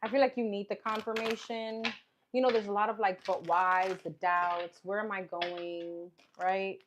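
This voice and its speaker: A woman's voice: medium pitch, flat delivery, normal speed, noisy background. Chatty woman reading tarot aloud. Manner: chatty, musing, repeats "okay" and "what's coming up" while pulling cards. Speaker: tarot reader.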